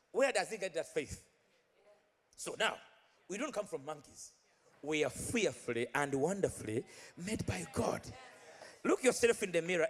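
A man's voice: high-pitched, a bit bright. A man preaching a live sermon, exhorting the congregation, repeating phrases and leading them in call-and-response chants. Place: large church hall. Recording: long reverb of a large hall.

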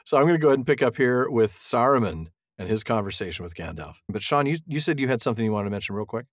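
A man's voice: medium pitch, very fast, dry recording. A man hosting a book podcast, chatting casually and joking, laughing often. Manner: jokey, animated, laughs often. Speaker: podcast host reading the book. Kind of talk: casual chat.

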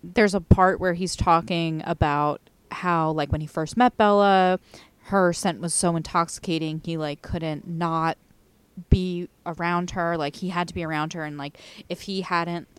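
A woman's voice: fairly low pitch, steady tone, measured pace, clean tone, dry recording. A young woman hosting a podcast, chatting casually in a giggly, rambling way. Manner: giggly, rambling, self-mocking. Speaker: podcast host. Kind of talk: casual chat.

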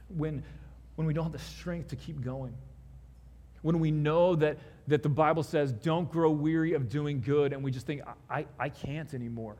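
A man's voice: medium pitch, a little mellow, breathy edge. A man preaching a sermon in a casual, conversational way, building up to emphatic peaks. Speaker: pastor. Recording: long hall reverb.

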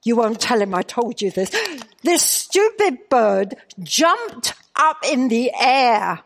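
An older woman with a Northern Irish accent, preaching to a women's gathering through an animated, humorous story. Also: a little high. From Northern Ireland. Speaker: speaker. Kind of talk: storytelling sermon. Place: church gathering.

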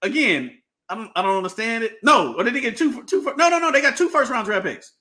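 A man's voice: very high voice, sing-song, fast talker, pushed and bright. A man hosting a casual sports podcast, talking with many fillers and restarts and laughing often. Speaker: podcast host.

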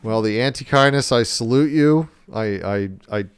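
A man co-hosts a casual podcast, cursing freely and stumbling through restarts. His voice is smooth and clear and sits mid-range. The recording is dry and close. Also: medium pitch, normal speed, no room sound. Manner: profane, stammering restarts. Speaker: podcast co-host. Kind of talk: casual profane chat.

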